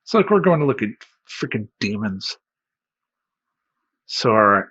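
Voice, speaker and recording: A man, a life coach, telling a comedic personal story in an animated, self-mocking and rambling way, on a dull lo-fi recording. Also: fairly low pitch, a little slow, breathy edge. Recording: dull lo-fi sound.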